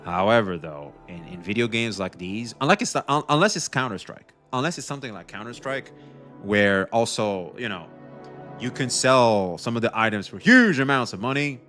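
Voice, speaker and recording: Young man, casual livestream chat, rambling, swears a lot, bright forceful voice, faint music behind. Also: on the low side, normal speed. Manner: rambling, animated, swears freely. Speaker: streamer.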